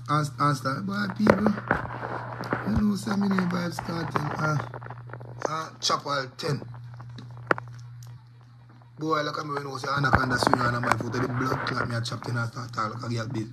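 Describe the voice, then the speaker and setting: A man's voice: mid-range voice, moderate pace, pauses often, very noisy. A man with a Jamaican accent, a DJ giving rambling commentary to his viewers in patois peppered with curses. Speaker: DJ and vlogger. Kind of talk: casual commentary to camera.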